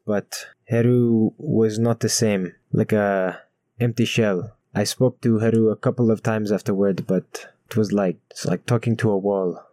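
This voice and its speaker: A man's voice: fairly low pitch, dark tone, no echo. A man voicing a grave young man in a tabletop role-play, with a put-on African accent that drifts French and formal speech. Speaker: player voicing his character.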